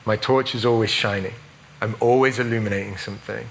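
A man from England giving a sermon as a preacher, chatty and self-deprecating, with quick asides. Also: fairly low pitch, fairly even intonation, vocal fry, fairly bright tone, slight background noise, rough recording.

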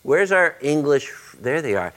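A man's voice: fairly high pitch, big pitch swings, measured pace. A man, a pastor making church announcements with joking banter before starting his sermon. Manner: joking, warm-hearted banter with the congregation. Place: church auditorium.

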